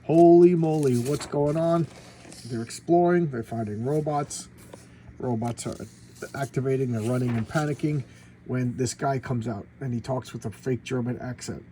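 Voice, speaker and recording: A man's voice: mid-range voice, normal speed, warm tone, slight background noise, rough recording. A man hosting his own comic review video, talking casually and sarcastically, with many restarts and asides. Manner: sarcastic, rambling, full of restarts. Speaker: comic book video host.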